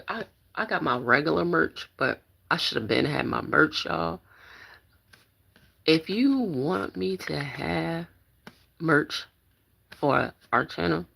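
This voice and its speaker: A woman's voice: low-pitched, expressive, slow pace, creaky, long pauses, sharp tone, slightly rough. A woman chatting casually on a live stream while packing up her bedroom, greeting viewers and praising God. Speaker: vlogger.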